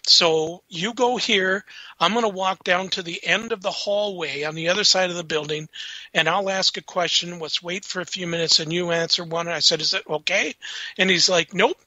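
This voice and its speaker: A man recounts ghost hunts on a radio talk show, animated and laughing as he acts out every line. His voice sits high and very bright, and the lo-fi sound is dry and dull. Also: normal speed, no room sound. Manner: animated, laughing storyteller acting out quotes. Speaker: paranormal investigator guest. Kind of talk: casual storytelling on a radio show.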